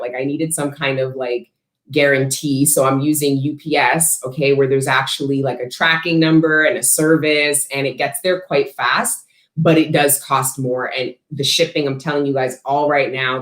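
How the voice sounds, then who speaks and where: A woman hosting a casual livestream, chatting bluntly with viewers and answering their questions, swearing freely and talking with animated emphasis. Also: a bass voice, echoey room. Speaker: host selling frankincense to viewers.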